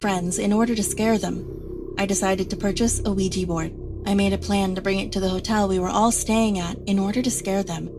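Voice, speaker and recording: A woman narrating a story in a steady, scripted delivery, played from an animated video. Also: medium pitch, a little fast. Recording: narration played with loud background music.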